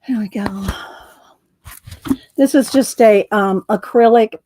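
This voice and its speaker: Slow-talking woman hosting a craft stream. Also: mid-range voice, mellow. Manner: chatty, many fillers and restarts, talks to viewers by name. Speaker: crafting livestream host. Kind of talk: casual livestream chat while crafting.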